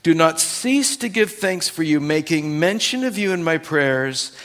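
A man pastor giving a sermon and telling a story in a warm, conversational way to his congregation. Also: on the high side, expressive, measured pace.

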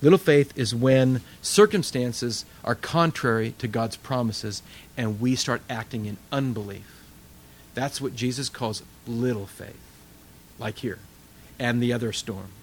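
A middle-aged man preaching a sermon in a conversational, animated storytelling way. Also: mid-range voice, a little slow, a little hiss or hum. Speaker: pastor.

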